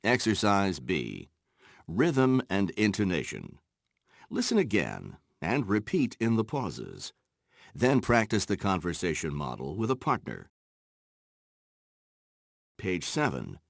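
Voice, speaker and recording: A man's voice: low-pitched, wildly swooping pitch, creaky, dry recording, clean studio sound. A man reading scripted instructions for a language textbook recording. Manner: measured, announcing page and exercise numbers. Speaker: narrator of textbook audio.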